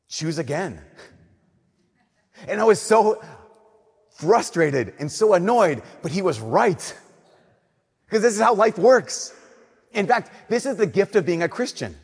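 Young male preacher, slightly high, husky voice, animated sermon in a hall with long reverb. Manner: animated storytelling, shifting between loud emphasis and soft slow delivery. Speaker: Catholic priest.

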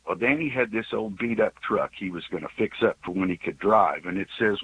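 A man in his sixties calling in to a radio show by phone, telling a story with many halting restarts and fillers. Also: lowish voice, breathy edge, lo-fi sound. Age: 60s. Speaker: radio caller. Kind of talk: call-in storytelling. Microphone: phone call.

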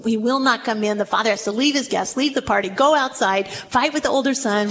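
A woman preaching a sermon to a gathered group, telling the story with dramatic emphasis and dropping low for asides. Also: a little fast, long reverb tail, a little hiss or hum. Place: church or meeting room with a group.

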